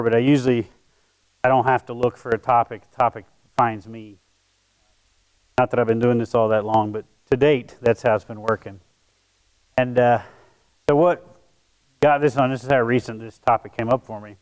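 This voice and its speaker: A pastor delivers his sermon as a relaxed personal story, his voice smooth and resonant. He is a man who often restarts his sentences and pokes fun at himself. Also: medium pitch, normal speed, pauses often, poor audio. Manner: conversational, self-deprecating, with frequent restarts.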